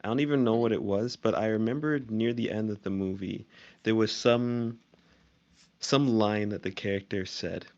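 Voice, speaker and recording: Gravelly, low-key man on a dull mic. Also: moderate pace, darkish tone. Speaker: podcast co-host. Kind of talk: casual podcast chat.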